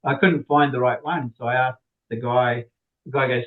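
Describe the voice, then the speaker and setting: A man's voice: medium pitch, steady tone, normal speed. Guy inventor rambling through a story, lots of restarts, tinny phone-line audio. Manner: rambling, with many restarts and little laughs. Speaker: inventor, podcast guest. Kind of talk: casual storytelling.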